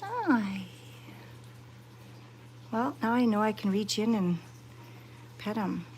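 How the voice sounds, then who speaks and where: A woman chatting to her viewers while petting cats, excited and fond, cooing softly to the animals. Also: mid-range voice, takes it slowly, a little hiss or hum. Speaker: cat sanctuary vlogger.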